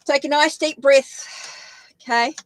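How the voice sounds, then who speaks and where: A woman's voice: high-pitched, steady tone, a little slow, low-quality recording. A woman with a New Zealand accent giving a live-stream tarot reading, thinking aloud and correcting herself as she goes. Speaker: tarot reader.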